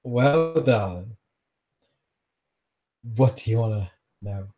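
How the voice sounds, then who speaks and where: A man's voice: on the low side, animated, slow, mellow. A man voicing a dazed, hungry, newly turned female vampire prophet who drawls dreamily and drifts off mid-thought. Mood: teasing. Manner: drawling, dreamy, easily distracted.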